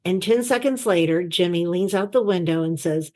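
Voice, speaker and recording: A middle-aged woman and former chief of staff, telling lively anecdotes and acting out the people she quotes. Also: fairly low pitch, moderate pace. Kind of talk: storytelling in an interview. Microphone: video call.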